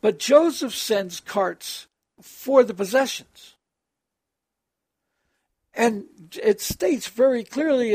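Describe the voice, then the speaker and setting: Male preacher-host, high gravelly voice, earnest verse-by-verse teaching, dry close sound. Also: lively intonation, slow, darkish tone, dry recording. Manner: earnest, explains scripture line by line. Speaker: preacher hosting a call-in program. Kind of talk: evening scripture teaching.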